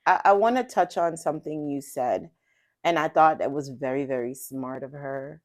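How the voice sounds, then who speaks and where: A woman's voice: low voice, moderate pace. A woman co-host adding supportive, emphatic remarks in conversation. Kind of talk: conversational commentary.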